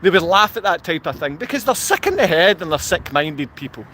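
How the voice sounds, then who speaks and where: Scottish man, a bit high-pitched, rambling live stream, answers comments, outdoors, faint traffic behind. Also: sing-song, a little fast, pushed and bright. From Scotland. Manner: rambling, reads viewer comments aloud and answers them. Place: outdoor car park.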